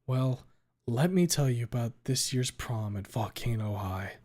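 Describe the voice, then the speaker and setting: A man reading aloud, voicing a remorseful young woman high schooler who breaks into anguished, swearing outbursts, in a dramatic fan fiction reading. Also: lively intonation, a little slow. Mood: bitter. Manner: anguished, shouting and swearing in bursts.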